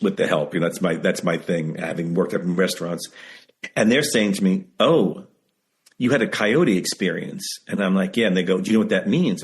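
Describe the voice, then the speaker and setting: A man being interviewed over a video call, telling stories in an animated, emphatic way and repeating phrases for effect. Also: low voice. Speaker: memoir author guest. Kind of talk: casual interview storytelling.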